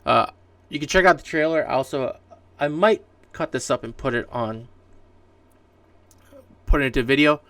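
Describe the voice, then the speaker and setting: With a medium pitch, a moderate pace and long pauses, a Canadian man runs his solo podcast, wandering casually through gaming news amid fillers and restarts. His tone is fairly bright, and the distant-mic recording in a dry room has no echo.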